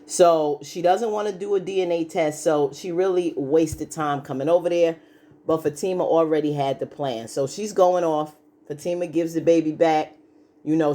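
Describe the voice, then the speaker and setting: A woman's voice: low-pitched, mellow. Chatty woman recapping a TV episode. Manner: chatty, heavy with "you know" fillers; acts out characters' lines while retelling. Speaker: show recap host.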